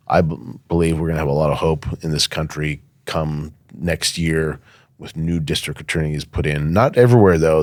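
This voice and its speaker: A man with an extremely low-pitched voice, recorded with no echo, appears as a guest on a podcast interview. He owns a firearms safety academy and speaks emphatically and insistently, with frequent fillers.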